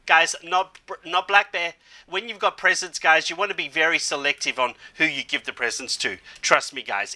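A man hosting a game walkthrough video, talking energetically, calling out "guys" constantly and punctuating with quick exclamations. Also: on the high side, pushed and bright, a little hiss or hum. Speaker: gaming channel host. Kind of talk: excited game walkthrough commentary.

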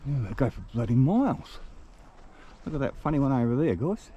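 Male travel vlogger, enthusiastic and animated, casual chat on foot outdoors. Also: mid-range voice, fairly quick, muffled recording, a little hiss or hum. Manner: enthusiastic, chatty, talks to viewers. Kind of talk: casual walking vlog. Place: outdoors among rocks.

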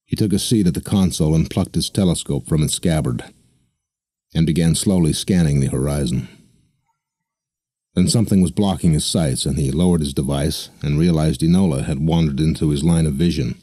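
A man narrating an audiobook in a steady, even storytelling manner. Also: very deep voice, a little fast, breathy edge, dry recording. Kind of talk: scripted narration.

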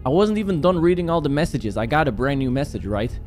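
A man doing joking, animated play-by-play commentary while playing a horror game. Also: fairly high pitch, fast, soft background music. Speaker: gaming YouTuber.

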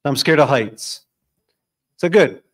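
Animated man leading a group talk. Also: a little high, takes it slowly. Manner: animated, storytelling, quizzing the audience. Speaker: discussion leader. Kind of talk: live group talk with audience. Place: room with a live audience.

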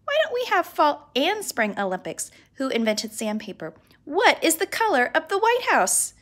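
A woman's voice: high voice, very animated, normal speed, fairly bright tone. A woman voicing a cheeky, wisecracking young schoolboy in a storybook reading. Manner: wisecracking, full of silly questions.

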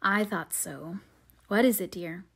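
A woman reading as a gentle, grave mother. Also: medium pitch, unhurried, breathy edge. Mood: tender. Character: gentle, wise middle-aged mother.

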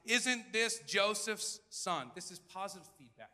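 A man preaching a sermon in a dramatic style, acting out crowd voices and swinging between loud and hushed. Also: high-pitched, lively intonation, unhurried, long reverb tail. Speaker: pastor. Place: large church hall.

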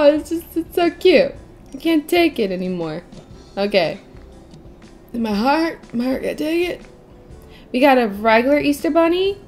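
A woman's voice: fairly high pitch, expressive, a little slow, long pauses, soft background music. A young woman giving casual gameplay commentary, gushing and squealing over cute things with lots of giggles. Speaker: gaming channel host.

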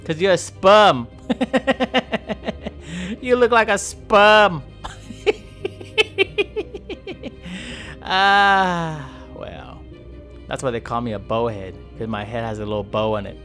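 A man's voice: mid-range voice, normal speed, sharp tone, soft background music. A man voicing a chatty, friendly male bowhead whale who rambles, jokes and trash-talks polar bears. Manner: rambling, joking, trash-talking. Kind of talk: playful game commentary role-play.

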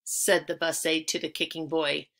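A woman's voice: low voice, flat delivery, normal speed, vocal fry, a bit bright. A woman reading a children's chapter book aloud, telling it expressively and lingering on key words. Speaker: audiobook reader.

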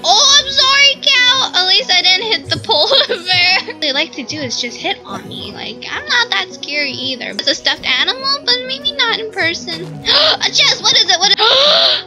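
A woman giving excitable let's-play commentary as she plays, often squealing and laughing as things happen. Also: extremely high pitch, moderate pace, few pauses, poor audio. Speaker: gaming video host. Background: background music.

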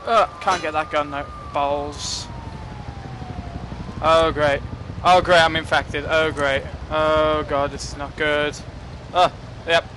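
A young man giving casual, excitable commentary while playing a game, joking and swearing at what happens on screen. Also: on the high side, slow, background noise. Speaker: gaming commentator.

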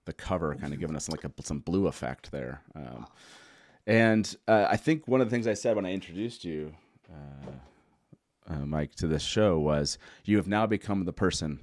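A man's voice: sits low, animated, normal speed, a little mellow, no echo, clean studio sound. A man hosting a casual live talk show, rambling and correcting himself with a chuckle. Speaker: host.

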